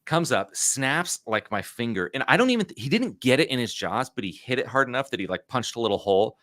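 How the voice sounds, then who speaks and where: A man's voice: medium pitch, very animated, fast, a bit bright, no room sound, clean studio sound. A man in his thirties, a podcast guest, telling a story in a casual, rambling way full of "like" and "you know".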